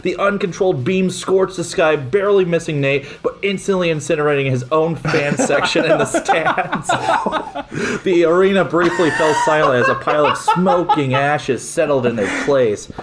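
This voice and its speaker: A man's voice: on the high side, expressive, moderate pace, background noise. A young man co-hosting a comedy podcast, reading a silly story aloud with laughing, swearing asides. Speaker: podcast co-host.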